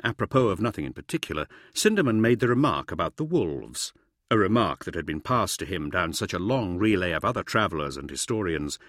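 Guy reading an audiobook, lowish voice, dry close sound, measured and dramatic. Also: fairly bright tone, dry recording. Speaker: audiobook narrator. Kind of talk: scripted narration.

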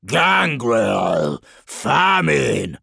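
A man voicing a huge brooding male plague demon lord who bellows commands in a gravelly voice. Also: mid-range voice, sing-song, slow, a bit bright, no room sound, studio quality, exaggerated voice. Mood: commanding.

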